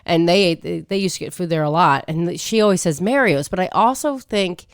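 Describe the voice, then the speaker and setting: A woman's voice: fairly low pitch, fairly quick, smooth, no echo, studio quality. A woman co-hosting a podcast in casual chat, rambling through stories and teasing her co-hosts. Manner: chatty, rambling storyteller, teasing. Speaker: podcast co-host.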